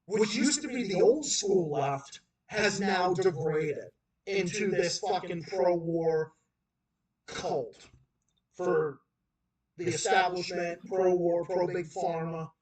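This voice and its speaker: A man with a Boston accent rants through a livestream in a fairly high voice, piling on emphatic repeats and false starts. He sits some way from the mic, so the room's echo rings around his words. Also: takes it slowly. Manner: heated, repetitive, emphatic ranting with many restarts. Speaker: livestream host. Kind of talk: political rant on a livestream. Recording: roomy echo, far from the mic.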